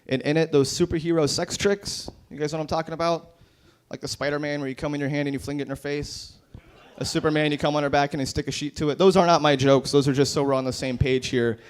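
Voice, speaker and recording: A man doing stand-up at an open mic night in a brewery, speaking into a handheld mic. His voice sits a little high. He delivers short one-liners in a dry, deadpan way. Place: brewery bar.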